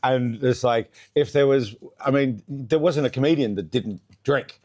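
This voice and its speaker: A man's voice: mid-range voice, measured pace, a little mellow. A male host chatting casually while cooking, chatty and enthusiastic.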